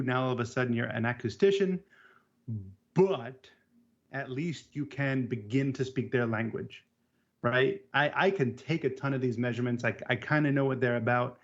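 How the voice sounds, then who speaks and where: Gravelly-voiced man explaining audio gear. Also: medium pitch. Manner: halting, restarts words, self-deprecating. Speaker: AV technician co-host. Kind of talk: casual technical chat. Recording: dull lo-fi sound.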